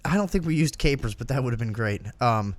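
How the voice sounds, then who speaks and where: Profane, animated male podcast host. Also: medium pitch, fast talker. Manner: profane, animated storyteller acting out quotes. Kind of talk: crude storytelling on a comedy talk show.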